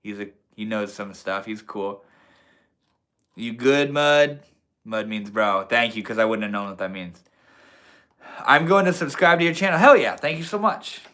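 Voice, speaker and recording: A man's voice: fairly low pitch, moderate pace, pauses often, bright, forceful tone. A young man hosting a live stream in a casual, laid-back way, reading out and answering chat comments with lots of slang and swearing. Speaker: livestream host.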